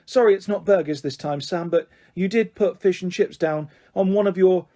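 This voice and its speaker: A man voicing a gentle, tactful mother in a storybook reading, speaking in a measured way. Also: sits high, natural voice.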